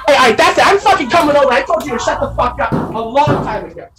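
A loudmouth male wrestling pundit, played by a man, ranting with nonstop profanity. He swings between grumbling and yelling at people off-mic, all in a comic bit. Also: extremely high pitch, lively intonation, fast, noisy background. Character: brash foul-mouthed male wrestling pundit. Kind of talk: comedic character segment.

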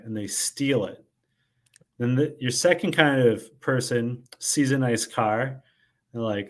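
A man co-hosting a recap show, walking through his reasoning in a measured way. His voice sits at an ordinary middle pitch. He sounds casual and conversational. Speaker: podcast co-host.

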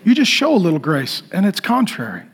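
A male pastor delivering a sermon in an emphatic, repetitive preaching style that swings from loud to hushed. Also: high-pitched, wildly swooping pitch, a little fast, breathy edge.

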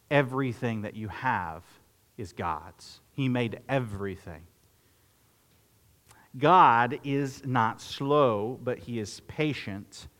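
A man preaching an expository sermon, reading scripture with rising intensity and breaking into conversational asides. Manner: earnest, rises in pitch and volume when reading scripture aloud. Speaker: pastor.

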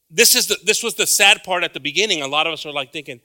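A man preaching a bilingual sermon, swinging from hushed asides to loud calls and repeating phrases. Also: fairly high pitch, fast talker, hardly any pauses.

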